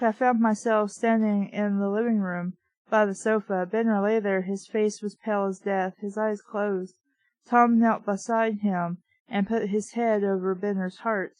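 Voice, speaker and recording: A woman's voice: medium pitch, no echo. Dry-voiced woman reading a novel. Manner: dry, sarcastic interjections. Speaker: book reviewer reading aloud. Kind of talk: comic reading of a novel with sarcastic asides.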